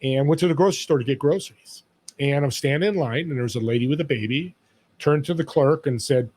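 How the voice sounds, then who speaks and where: A man's voice: on the high side, brisk, a little mellow. A man on a podcast as a guest, talking in an emphatic, storytelling way about serving others. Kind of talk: motivational interview talk.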